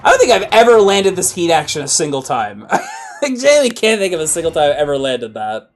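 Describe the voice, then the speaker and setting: A man streaming a video game in casual commentary, exasperated and swearing, with sudden loud outbursts. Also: fairly high pitch, huge pitch swings, quick pace, slight background noise.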